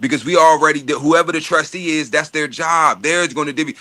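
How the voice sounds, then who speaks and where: A man's voice: on the high side, brisk, hardly any pauses, bright, forceful tone. A man talking in casual chat about money and estates, profane and streetwise, often repeating words while he searches for them. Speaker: podcast host.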